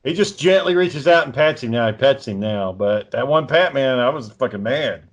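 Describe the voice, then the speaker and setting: A man's voice: medium pitch, lively intonation, moderate pace. A man telling rambling stories on a podcast, swearing a lot and stammering. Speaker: podcast co-host. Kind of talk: casual podcast storytelling.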